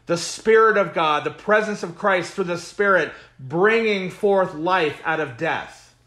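A male pastor leads a Bible study, reading scripture aloud and pausing to comment on the verses. He speaks slowly and deliberately in a bright, forceful voice that sits a little high for a man, preaching with emphatic repetition.

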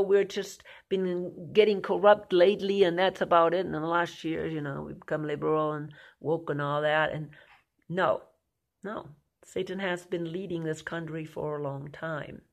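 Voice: medium pitch, gravelly. An end-times prophecy teacher preaching to viewers in an emphatic way, with rhetorical questions and lots of "okay?" and "you know".

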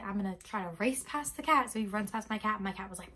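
A woman's voice: mid-range voice, quick pace, few pauses, slightly rough. A young woman vlogger telling a dramatic story casually, full of fillers. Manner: animated, dramatic, many fillers. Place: bedroom.

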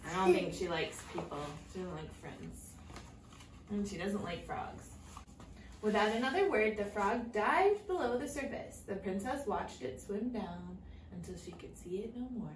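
A woman's voice: mid-range voice, lively intonation, normal speed. A woman teaching English to young children, reading a storybook aloud and asking them patient, simple questions. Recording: echoey room, far from the mic, faint noise.

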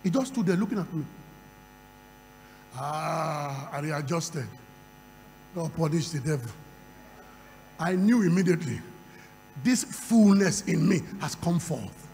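A man's voice: on the high side, expressive, measured pace, long pauses, darkish tone, slight background noise. A man preaching a sermon, calling for responses from the crowd and breaking into speaking in tongues. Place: large hall. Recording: long hall reverb.

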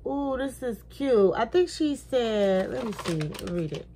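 A woman's voice: on the high side, lively intonation, measured pace, dark tone. A middle-aged woman, chatting effusively in a casual haul video and thanking her viewers. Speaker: vlogger.

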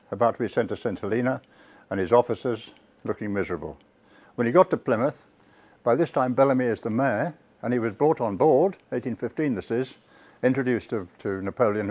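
A man lecturing on history before a live crowd tells the story with animated asides to listeners, often self-correcting and restarting words partway through. His voice is lowish.

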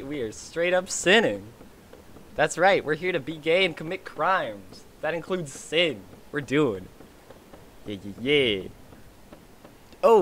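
A man giving excitable, chatty commentary while streaming a game. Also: medium pitch, a little hiss or hum. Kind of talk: casual gameplay commentary.

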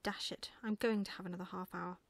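A sleepy father owl grumbles in a gruff, low whisper, irritable at being woken, as a woman voices him in whispered role-play. The sound is dry and close to the mic. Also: lively intonation, moderate pace, no echo. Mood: grumpy.

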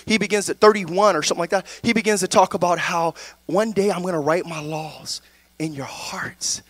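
Male pastor, high voice, dry close sound, preaching style with call-outs. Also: dry recording. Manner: preaching with call-and-response "amen?" and "right?". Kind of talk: sermon.

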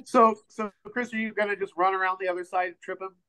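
A man narrating as game master in a tabletop game, relaxed and halting with many fillers. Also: sits high, clean tone, poor audio.

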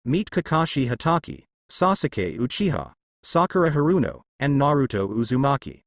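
Man reading as a formal, measured old village chief, dry sound. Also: mid-range voice, sing-song, gravelly, dry recording. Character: calm, authoritative old male village leader.

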